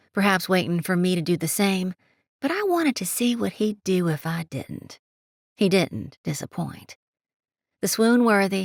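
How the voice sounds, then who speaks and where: A woman's voice: medium pitch, gravelly, no room sound, studio quality. A woman narrating an audiobook in the first person, in an intimate, admiring manner.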